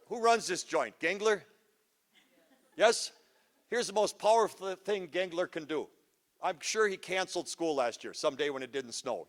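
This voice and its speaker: High-voiced man working a crowd. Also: a bit bright. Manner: punchy, teasing, quizzes the crowd. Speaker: speaker at parent workshop. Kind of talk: energetic audience talk. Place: auditorium, live audience. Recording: live hall with long reverb.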